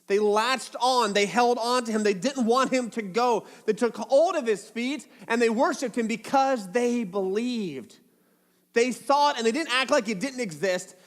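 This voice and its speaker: A man's voice: very high-pitched, a little slow. A man preaching a sermon as a pastor, casual and playful, acting out little asides as he tells the story. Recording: long hall reverb.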